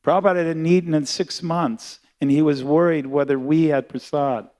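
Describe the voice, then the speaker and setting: An older man recalls a moving memory during a sermon. His voice sits slightly high for a man. He tells the story haltingly and with deep feeling, often breaking off and restarting his sentences. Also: fairly even intonation, a little mellow. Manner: halting, heartfelt recollection with frequent restarts. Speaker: guest speaker at a temple class.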